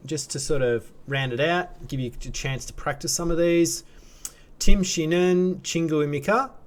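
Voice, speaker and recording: A man with an Australian accent, explaining grammar in a relaxed, chatty teaching style with fillers and restarts. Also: on the high side. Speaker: language teacher. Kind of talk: casual explanatory lesson.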